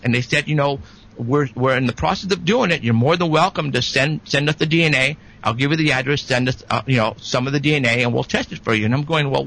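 A man guest telling a story in a rambling, animated way, with many restarts. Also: a little high, gravelly, poor audio. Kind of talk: casual storytelling.

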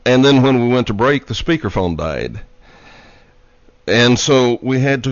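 A man hosting a live radio talk show from a studio, talking in an unhurried, halting way with many fillers. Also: mid-range voice, expressive, no echo. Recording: dry, dull lo-fi radio studio sound.

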